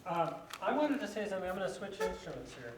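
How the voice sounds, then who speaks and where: A man playing violin live, chatting casually between tunes in a halting way with many fillers. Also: high-pitched, very animated, over a noisy crowd, heavy background noise. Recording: echoey room with instrument music.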